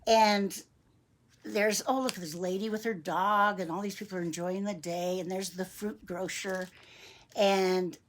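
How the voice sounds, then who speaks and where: A woman reading a picture book aloud to young children, gentle and chatty, asking them questions. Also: medium pitch, fairly even intonation, unhurried. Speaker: storybook reader for young children.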